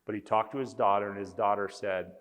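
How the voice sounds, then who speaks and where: A man's voice: fairly low pitch, fairly even intonation, a little fast, in a large hall. A man speaking as a conference speaker, earnestly telling a story with emphasis. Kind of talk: storytelling talk.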